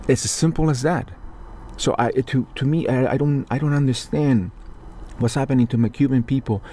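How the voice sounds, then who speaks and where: A man's voice: mid-range voice, moderate pace, warm tone. A man from Mexico delivering a heated, profane political rant, indignant and sarcastic as he talks straight to his viewers. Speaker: political commentator.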